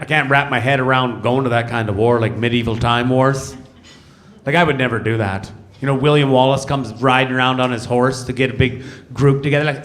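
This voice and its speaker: A man from Canada performing a stand-up comedy set on stage before a live audience, telling stories and breaking into loud shouted bits. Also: medium pitch. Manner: animated, jumps into loud shouted character bits.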